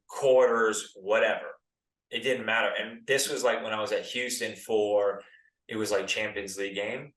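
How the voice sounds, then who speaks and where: A man's voice: fairly low pitch, fairly bright tone, recorded from a distance. Laid-back American man telling stories in a roomy space. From United States. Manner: laid-back, lots of "like" and "dude". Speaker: podcast guest, former pro soccer player. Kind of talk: casual podcast storytelling. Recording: roomy, set back from the mic.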